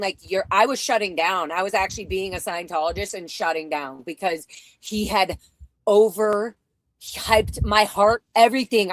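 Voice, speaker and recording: A woman hosts a casual live talk, speaking bluntly with frequent swearing. She rambles and circles back to her points with raw emotion. Her mid-pitched voice sounds dry and close. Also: a bit bright, dry recording, poor audio. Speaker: show host.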